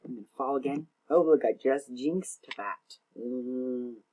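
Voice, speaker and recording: A man's voice: medium pitch, measured pace, a little mellow. A young man casually commenting on his own gameplay, rambling, self-mocking and often tongue-tied. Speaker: gaming channel host.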